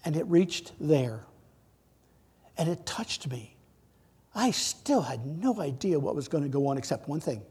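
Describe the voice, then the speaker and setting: This middle-aged pastor preaches earnestly in church, his high voice carrying a husky edge. He's animated yet measured, leaving long pauses as he moves from booming lines to soft, almost whispered ones.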